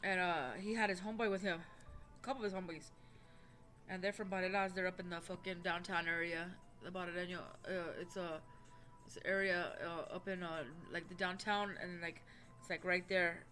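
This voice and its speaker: A woman's voice: fairly low pitch, little pitch movement, fairly quick, sharp tone. A woman telling a personal story to the camera in a rambling, blunt way, swearing constantly. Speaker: vlogger. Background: faint background music.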